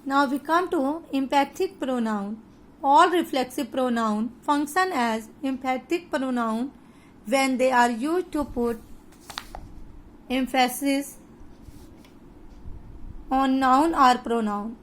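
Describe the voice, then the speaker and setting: Teaching grammar in an online lesson, a woman with an Indian English accent explains things slowly and deliberately, pausing along the way. Her voice sits high.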